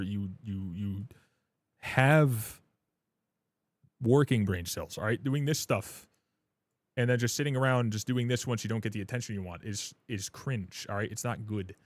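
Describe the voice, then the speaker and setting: A man chatting casually on a gaming livestream, rambling and swearing as he jokes with his chat. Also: on the low side. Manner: rambling, profane, joking with chat; frequent filler words and restarts.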